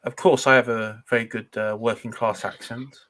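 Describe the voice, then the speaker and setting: A man's voice: mid-range voice, little pitch movement, moderate pace, a bit bright. A man from Cornwall who speaks with a middle-class English accent, in a mid-range voice. He is a guest on a casual podcast and often hesitates with ums and uhs as he talks. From Cornwall, England.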